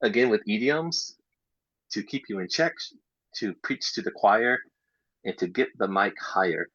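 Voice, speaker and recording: Male workshop presenter, deep and husky, casual explainer for teachers, dull lo-fi recording. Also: animated, a little slow, no room sound. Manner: explains step by step, drops into soft half-whispered asides. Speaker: English teacher trainer. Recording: dull lo-fi sound.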